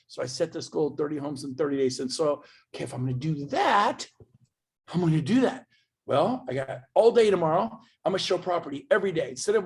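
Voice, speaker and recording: Gravelly, husky man giving a pep talk. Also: fairly high pitch, fast talker. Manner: emphatic, swings between loud bursts and quiet asides. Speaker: motivational speaker. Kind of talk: motivational talk to an event audience.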